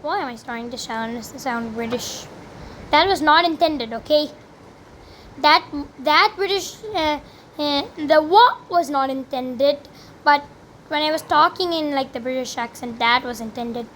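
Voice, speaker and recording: A young woman giving chatty, rambling commentary while playing a video game, with sudden loud exclamations. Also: sits high, measured pace, slight background noise. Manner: chatty, rambling, exclaims loudly when she fails. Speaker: gaming commentator. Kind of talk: live gameplay commentary.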